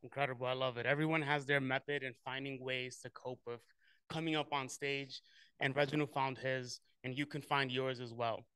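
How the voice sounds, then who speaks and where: Smooth-voiced man hosting a meeting. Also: mid-range voice, steady tone, moderate pace, bright, forceful tone, no echo. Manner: encouraging, conversational. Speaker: meeting host introducing speakers.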